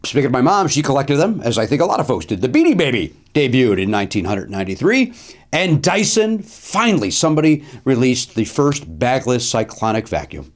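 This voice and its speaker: Wry, animated middle-aged man hosting. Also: medium pitch, fairly quick. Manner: wry, self-deprecating, rambling asides. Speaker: podcast host. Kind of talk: comedic solo podcast monologue. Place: studio.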